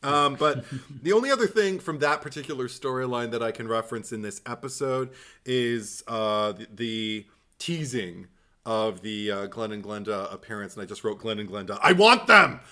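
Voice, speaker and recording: A man co-hosting a casual podcast, talking in an animated, playful way and laughing often. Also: on the low side, moderate pace. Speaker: podcast co-host.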